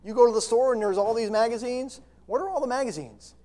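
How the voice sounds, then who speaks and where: A man's voice: very high voice, fast talker, mellow. A middle-aged man preaching a sermon, reading scripture and then pressing his points with rising intensity.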